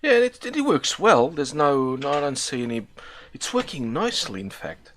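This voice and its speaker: A man's voice: fairly high pitch, sing-song, moderate pace, a bit bright, slight background noise. A man chatting casually while testing his streaming setup, rambling with many restarts. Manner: rambling, stammering, self-correcting. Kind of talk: casual chat.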